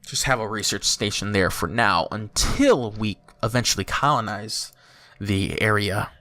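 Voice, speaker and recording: A man talking through a strategy game for his channel, chatty and thinking aloud, with bursts of excited exclaims. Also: on the low side, a little slow. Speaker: YouTuber playing a strategy game. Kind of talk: let's play commentary.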